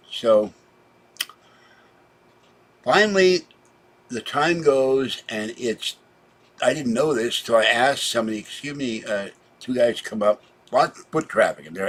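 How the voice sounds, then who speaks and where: A man with a husky, slightly low voice, recounting his day in a long, rambling monologue. He sounds worn out and drifts between quiet asides and sudden loud outbursts, with a chatty, meandering delivery. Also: lively intonation, normal speed. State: tired, low on energy. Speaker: vlogger. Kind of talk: rambling personal storytelling.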